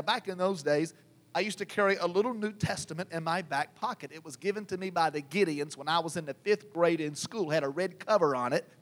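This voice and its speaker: A man preaching a sermon, telling a story that builds from quiet talk to shouting. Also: high-pitched.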